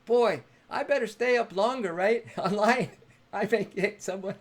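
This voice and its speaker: A man's voice: high-pitched, a little slow. A man hosting a live-streamed spiritual talk, effusive and affectionate, who laughs often and greets his viewers by name.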